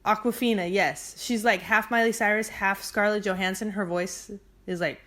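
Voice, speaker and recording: A woman's voice: mid-range voice, fairly even intonation, moderate pace, a bit bright. Chatty woman recapping a movie. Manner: chatty, filler-heavy storytelling with acted-out quotes. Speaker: vlogger. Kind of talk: casual movie recap to a sibling.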